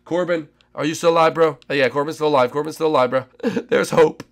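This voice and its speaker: A young man giving excitable Minecraft gameplay commentary as a gaming channel host, with loud, dramatic outbursts. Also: on the high side, fast.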